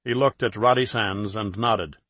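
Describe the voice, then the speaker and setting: A man narrating a thriller audiobook in a steady, measured reading. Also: on the low side, slightly rough, no echo.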